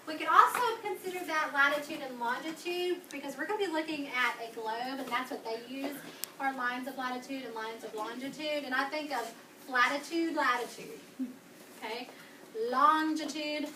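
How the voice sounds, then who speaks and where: A woman teaching elementary school speaks in a high-sitting voice, upbeat and coaxing as she coaches the class and repeats key words. The recording, from a far-off camera, sounds echoey and includes background noise.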